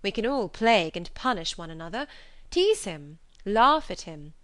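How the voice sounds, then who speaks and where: A woman's voice: medium pitch, normal speed, no echo. Casting: woman playing a witty young woman, teasing and ironic, dry close sound. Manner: lively, ironic.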